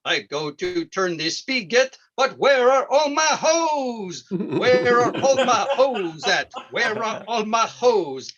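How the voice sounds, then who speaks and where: A man putting on a high, goofy old farm-show host. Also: big pitch swings, muffled recording, noisy background, exaggerated voice. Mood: folksy cheerful. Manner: corny, drawn-out, chuckling "ho ho ho". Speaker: stand-up comedian. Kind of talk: character stand-up bit.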